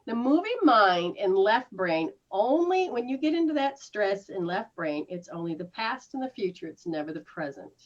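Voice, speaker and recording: A woman's voice: mid-range voice, normal speed, hardly any pauses. A woman healer talks a client through her habits in a casual session. Her voice leaps up and down as she acts out startled reactions. The recording sounds muffled and lo-fi. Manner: animated, mimics reactions with gasps and laughs. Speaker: spiritual healer giving live sessions. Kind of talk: casual one-on-one coaching.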